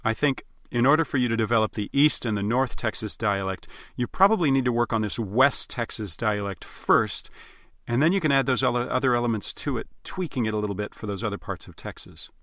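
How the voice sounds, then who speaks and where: Bright-voiced male dialect coach. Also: medium pitch, dry recording, clean studio sound. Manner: measured, explanatory, demonstrates sounds. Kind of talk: instructional narration.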